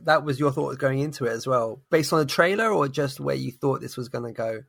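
A man with a mid-range voice and a gravelly grain jokes his way through casual chat. He hesitates and fills gaps with ums and uhs, and the sound is dry and close. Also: medium pitch, a little fast, fairly bright tone, dry recording. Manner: joking, hesitant, lots of fillers.

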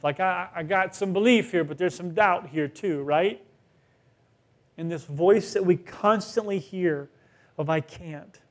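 A man's voice: on the high side, darkish tone. A middle-aged male pastor giving a conversational sermon, asking rhetorical questions and acting out quoted voices.

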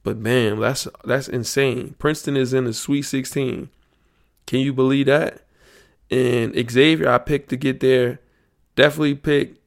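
Gravelly man riffing on sports. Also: medium pitch, fairly even intonation, a little slow. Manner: loose, profane, slangy sports talk, thinking aloud. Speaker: podcast host. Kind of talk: casual solo podcast talk.

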